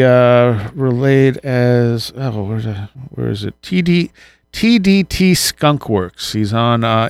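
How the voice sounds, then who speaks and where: A man at an ordinary pitch chats casually as a podcast host, thinking aloud with fillers and restarts. He reads a listener's story aloud in a relaxed way. The recording is dry and close. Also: vocal fry, clear, resonant tone, no echo.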